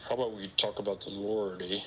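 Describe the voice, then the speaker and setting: A man's voice: lowish voice, steady tone, fast, crowd noise, lightly acted, low-quality recording. A man putting on a chatty, rambling Canadian character with a Canadian accent and a twang. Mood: folksy. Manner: folksy, rambling, tacks on "eh".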